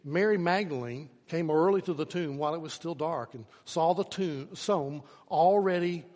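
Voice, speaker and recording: Impassioned preacher in a reverberant hall. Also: male voice, fairly high pitch, moderate pace. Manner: swings from hushed to shouting for emphasis. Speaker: pastor. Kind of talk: sermon.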